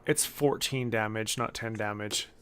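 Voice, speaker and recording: A man playing a tabletop game, calmly describing his character's actions. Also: on the low side, a little slow, smooth. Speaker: player.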